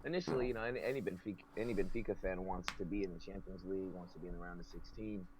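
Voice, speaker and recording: A man's voice: low-pitched, racing, background noise. A man speaking as a guest on a casual live stream, blunt and casual, swearing freely. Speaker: guest commentator.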